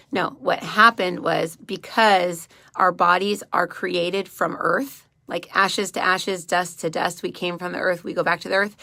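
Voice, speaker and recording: A woman's voice: on the low side, vocal fry, fairly bright tone. A woman radio host talking in a casual, rambling way about spirituality, with many fillers and asides.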